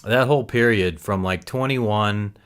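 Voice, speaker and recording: A man's voice: lowish voice, measured pace, clear, resonant tone. A man in his forties musing aloud in a casual recovery vlog, rambling and correcting himself as he reflects. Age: 40s. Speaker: recovery vlogger.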